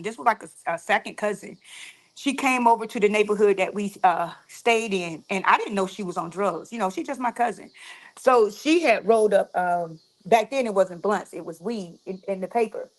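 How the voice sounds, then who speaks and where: In a medium-pitched voice, a woman shares a personal tale with her followers, frank and lively throughout, with plenty of slang and swearing.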